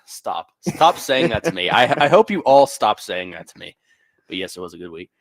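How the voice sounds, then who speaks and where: A young adult male sports radio co-host, on the low side in pitch and talking at normal speed, tells animated stories with a sarcastic edge and plenty of fillers. It's studio banter with no echo.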